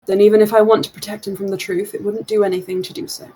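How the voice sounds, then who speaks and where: A woman voicing a calm protective shopkeeper. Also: medium pitch, a little hiss or hum, natural voice, rough recording. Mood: resigned. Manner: measured, resigned.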